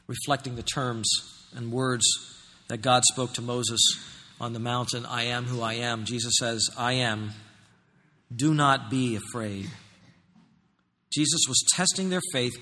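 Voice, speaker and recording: A pastor preaching a sermon, swinging from loud emphatic declarations to low quiet explanation. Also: male voice, in a large hall.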